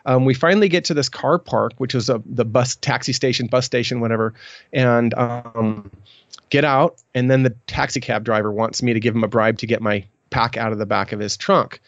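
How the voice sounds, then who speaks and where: A man's voice: medium pitch, fairly even intonation, normal speed, no room sound. Middle-aged male guest, rambling storyteller, dry close sound, a little muffled. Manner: rambling, many restarts and ums. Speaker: podcast guest. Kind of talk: storytelling in an interview.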